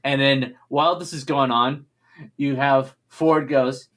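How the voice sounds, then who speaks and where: A man narrating a tabletop game as game master in a playful, animated storytelling manner. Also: mid-range voice, slow pace.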